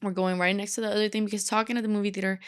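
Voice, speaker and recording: A young woman hosting a solo podcast, ranting in a sassy, animated way with lots of filler "like". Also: medium pitch, rapid-fire, smooth. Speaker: podcast host.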